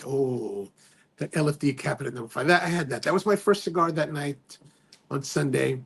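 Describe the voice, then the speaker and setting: Guy hosting a stream, husky kinda breathy voice, rambles, keeps trailing off and starting over. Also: fairly high pitch, animated, moderate pace. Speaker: livestream host. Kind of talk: casual chat, reading viewer comments aloud.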